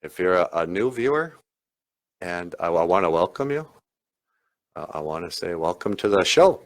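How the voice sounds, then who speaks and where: A man's voice: low voice, very animated, moderate pace. Jokey, rambling male podcast host. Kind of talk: comedic podcast banter.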